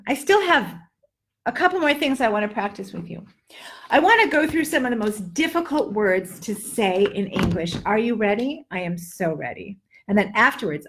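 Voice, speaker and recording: A middle-aged woman with a mid-range, fairly bright voice teaches English pronunciation in a live online lesson. She stretches words out in playful drills.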